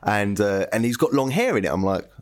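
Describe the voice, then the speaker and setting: A man's voice: expressive, brisk. A British man co-hosting a podcast, chatting casually and telling a travel story, laughing often. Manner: chatty storyteller, laughs often, pitch jumps up when amused. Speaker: podcast co-host. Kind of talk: casual chat.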